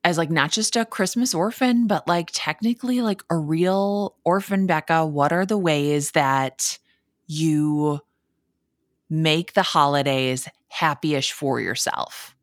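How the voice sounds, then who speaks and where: A woman's voice: sits low, slow pace, dry recording, clean studio sound. A woman hosting a podcast, telling stories in a chatty, casual way and swearing freely. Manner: chatty storytelling with frequent swearing. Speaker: podcast host. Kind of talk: casual chat.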